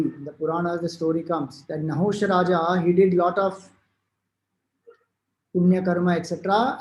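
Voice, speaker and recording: A man's voice: sits high, darkish tone. A man with an Indian English accent giving a devotional discourse, explaining scripture and retelling old stories in a loose, storytelling way. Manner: storytelling, explanatory, with fillers and restarts. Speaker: spiritual teacher. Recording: roomy echo.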